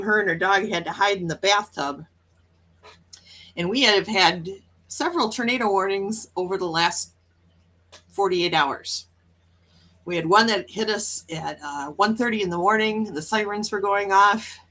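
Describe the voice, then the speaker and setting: Woman, livestream host, friendly chatter, middle pitch. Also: bright, forceful tone. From Wisconsin, US. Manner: chatty, upbeat, with frequent laughs. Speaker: livestream host reading chat. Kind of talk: casual morning livestream chat.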